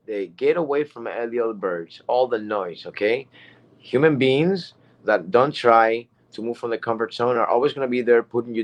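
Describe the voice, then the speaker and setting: A man giving a rambling, emphatic motivational talk as a guest speaker, repeating himself often. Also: medium pitch.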